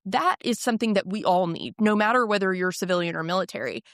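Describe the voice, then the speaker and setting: A woman hosting an interview in a casual, animated way, acting out quotes with her voice. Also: fast, no room sound, studio quality. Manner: animated, acts out quoted voices with pitch jumps. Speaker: podcast host.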